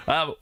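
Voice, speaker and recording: A young man hosting a livestream, chatting casually and jokingly with viewers, often laughing and rambling. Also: pushed and bright. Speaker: streamer host. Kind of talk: casual chat with stream viewers. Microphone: studio mic.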